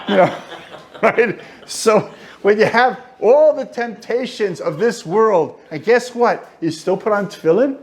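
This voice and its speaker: A man teaching an informal class as a rabbi, an animated storyteller who jokes and goes off on asides. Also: sits high, takes it slowly. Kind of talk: informal lecture. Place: study hall.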